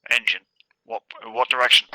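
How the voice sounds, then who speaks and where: A man's voice: medium pitch, fairly even intonation, moderate pace, sharp tone, no echo, low-quality recording. A man on game voice chat, trading wry banter between tactical callouts. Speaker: player. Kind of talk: gaming voice chat.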